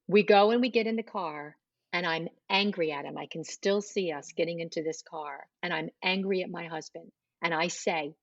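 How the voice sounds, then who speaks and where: A woman's voice: fairly low pitch, creaky, no echo, lo-fi sound. A middle-aged woman telling a personal testimony in an interview, acting out the dialogue she recalls. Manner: storytelling, acts out quoted dialogue. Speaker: guest.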